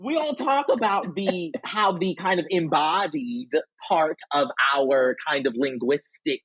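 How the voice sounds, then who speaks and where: A podcast guest and author chatting casually, animated and gesturing with hands and whole body as they talk. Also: mid-range voice, unhurried, slightly rough, dry recording, low-quality recording.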